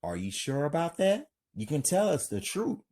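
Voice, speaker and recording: A man's voice: fairly high pitch, very animated, moderate pace, warm tone, pitched above the performer's own voice. A man doing a prying, curious woman. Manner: probing, questioning. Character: curious, pressing young woman.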